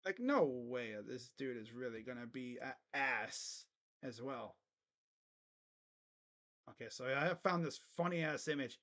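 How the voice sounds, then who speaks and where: A young man hosting a casual live basketball reaction, joking bluntly and crudely with sudden loud bursts. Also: medium pitch, expressive, measured pace, long pauses. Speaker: sports channel host. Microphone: webcam setup.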